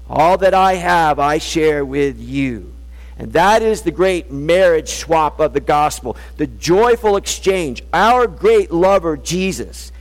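A man preaching a sermon in an earnest, pleading way, slowing down to stress key words. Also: fairly high pitch. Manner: earnest, pleading, slows for emphasis. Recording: long hall reverb.

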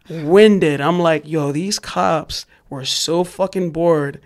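A young man tells a wild story in casual chat. His voice sits a little high, and he talks animated and profane. He jumps into shouted bits to act out the people in it. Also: slow. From New York. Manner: animated, profane storytelling, acts out yelling cops. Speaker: podcast guest, graffiti writer.

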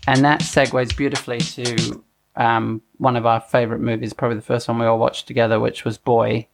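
A middle-aged man hosting a casual podcast at a middling pitch. He rambles, chuckles often and stops mid-sentence to correct himself. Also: flat delivery, fairly quick, gravelly, over music. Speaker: podcast host.

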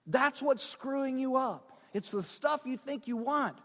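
A man preaching a sermon as pastor, emphatic and animated, repeating phrases for stress. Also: very high voice, unhurried. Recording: long hall reverb.

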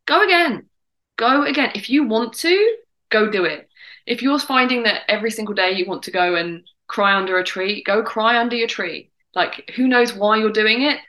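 A woman's voice: mid-range voice, normal speed, bright, forceful tone, poor audio. A woman guest from the UK talking in a reflective, encouraging way, with frequent fillers and restarts. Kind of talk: casual conversation.

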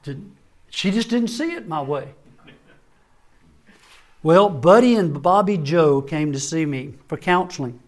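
High-voiced older man preaching with folksy humor. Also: a little slow, pauses often. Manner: folksy, humorous storytelling with dry asides; drops to a soft, low voice for serious points. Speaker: family doctor and conference speaker. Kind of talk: sermon-style talk at a men's conference.

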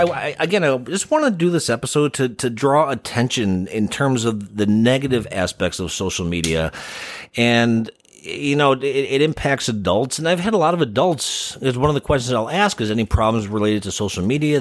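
A man's voice: medium pitch, dry recording. A man co-hosting a podcast, who talks in an earnest, reflective and opinionated way and sounds like a counselor. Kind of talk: casual podcast chat.

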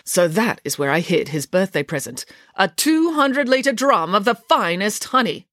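A woman voicing a bossy, determined female pig who works as a nanny, giving brisk orders with scheming confidence. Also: medium pitch, sing-song, fairly bright tone, no echo, studio quality, pitched above the performer's own voice. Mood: brisk commanding.

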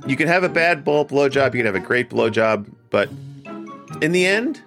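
A man's voice: medium pitch, animated, normal speed, a bit bright, faint music behind. A man hosting a kink podcast, playful and teasing in casual chat. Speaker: podcast host.

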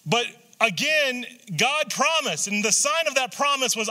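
A high, very bright male voice delivers a sermon from the pulpit. He preaches in a loose, joking way, jumping into asides and restarting his sentences as he goes. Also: animated, a little slow. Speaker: pastor.

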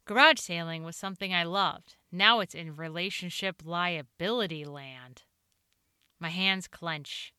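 A woman author reading her own personal story aloud, earnest and expressive. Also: on the low side, a little slow, smooth, dry recording, studio quality. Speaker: author and show host.

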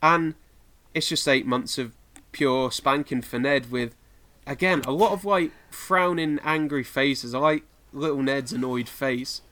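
A man's voice: mid-range voice, a little slow, pushed and bright. A man from the United Kingdom co-hosting a podcast in casual chat, rambling with lots of fillers and laughing often. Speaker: podcast co-host.

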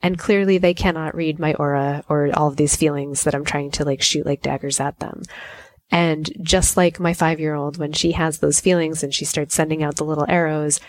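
A woman's voice: deep voice, steady tone, normal speed, dry recording. A woman in her forties hosting a solo podcast as a life coach, telling a family story and acting out the dialogue. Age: 40s. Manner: warm storytelling, acts out dialogue.

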